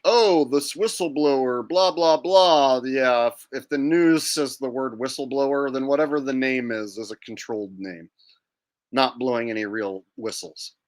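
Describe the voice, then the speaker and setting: A man hosting a livestream, talking casually in a sarcastic, mocking tone and now and then mimicking people in silly voices. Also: mid-range voice. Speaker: livestream host.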